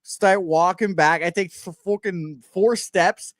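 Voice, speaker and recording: A man with a fairly high voice rants and tells stories with lots of swearing, lively and indignant. The sound is dry and close, with no room around it. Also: slow pace, dry recording. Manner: profane, animated storyteller. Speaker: co-host. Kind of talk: casual sports betting chat.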